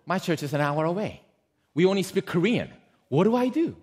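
A man doing a halting, petite grandmother in her seventies. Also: mid-range voice, mellow, big-room sound. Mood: earnest. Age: 70s. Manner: halting, simple broken phrases. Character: petite elderly grandmother speaking broken English.

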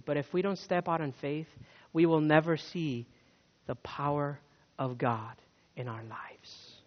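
A man preaching a sermon with dynamic swings between loud urging and hushed words, telling stories with acted quotes. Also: on the high side. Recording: dull sound with long hall reverb.

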